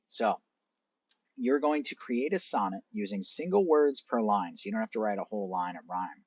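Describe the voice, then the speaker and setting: A man's voice: on the low side, husky, no room sound, muffled recording. A male teacher walking students through an assignment on screen, explaining each step conversationally and addressing them directly. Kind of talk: screen-recorded assignment walkthrough.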